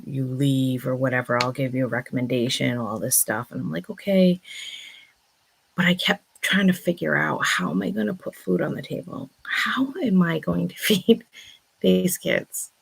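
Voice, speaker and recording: A woman's voice: a bass voice, creaky. A woman in her thirties telling a personal story in a chatty, casual vlog, often exclaiming "oh my God.". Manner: chatty, breathless retelling with many "oh my God"s. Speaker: vlog host. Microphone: new microphone being tested.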